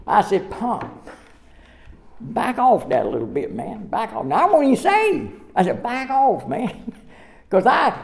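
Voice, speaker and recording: A man's voice: high voice, gravelly. A middle-aged man preaching a sermon, telling folksy stories with frequent laughter. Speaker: pastor.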